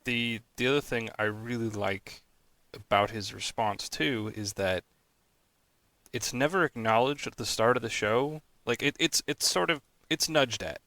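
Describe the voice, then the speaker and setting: A man's voice: mid-range voice, measured pace, pushed and bright, no room sound. A man co-hosting a podcast in casual chat, agreeable and chiming in with short remarks. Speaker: podcast co-host.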